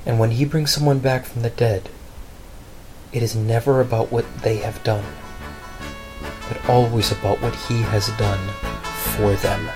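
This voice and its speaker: A man's voice: measured pace, long pauses, faint music behind. A male pastor telling a Bible story dramatically in a sermon. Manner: dramatic, expressive storytelling with big pitch swings.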